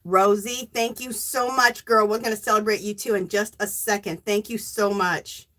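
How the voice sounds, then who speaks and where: A woman hosting a casual crafting live stream, warmly greeting viewers by name and reading their chat messages aloud. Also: medium pitch, steady tone, normal speed. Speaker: livestream host.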